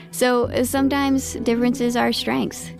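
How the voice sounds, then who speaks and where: A woman hosts a podcast in a low, flat monotone. Her delivery is dry and self-deprecating. A gravelly fry runs through her voice. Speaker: podcast host. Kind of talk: scripted podcast introduction.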